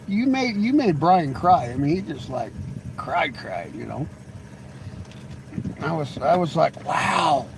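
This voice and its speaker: Male livestream host, high lively voice, rambling teasing chatter, faint background noise. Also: poor audio. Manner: rambling and teasing, with frequent laughs and stammered restarts. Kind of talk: casual live-stream chat with viewers.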